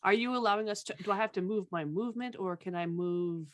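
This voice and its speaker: A woman's voice: medium pitch, quick pace. A woman playing a tabletop game, hesitant and full of questions about the rules. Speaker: player.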